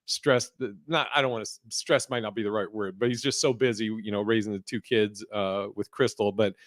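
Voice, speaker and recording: A man's voice: on the low side, steady tone, a little fast, no echo, studio quality. A man hosting a podcast in loose, profane casual chat, laughing as he tells stories. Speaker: podcast host.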